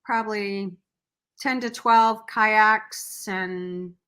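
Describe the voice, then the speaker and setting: A middle-aged woman telling a personal story as an interview guest, earnest and animated, acting out what people said. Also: mid-range voice, extremely slow, clean tone. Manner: earnest, animated storyteller who acts out quotes. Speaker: podcast guest, nonprofit founder.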